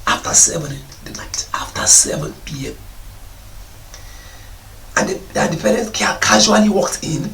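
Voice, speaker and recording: A man's voice: sits high, animated, normal speed, gravelly, long pauses, fairly bright tone, slight background noise. A man giving a preaching talk to parents about responsibility, scolding them and mocking their excuses. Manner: scolding, mocks parents in put-on voices. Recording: echoey room, voice from a distance.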